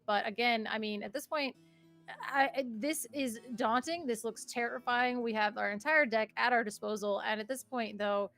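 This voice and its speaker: A woman's voice: fairly high pitch, normal speed, gravelly, fairly bright tone, soft background music. A woman co-casting a card game stream in a chatty way, laughing often and talking through plays. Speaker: co-caster.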